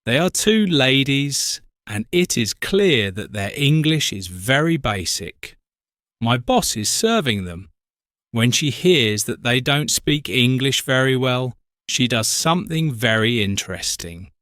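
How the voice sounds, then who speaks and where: Male narrator for learner stories: slow, clear, lively pitch, dry recording. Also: no echo. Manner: slow, clear, simple sentences. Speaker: story narrator. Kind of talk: graded-reader story narration for learners.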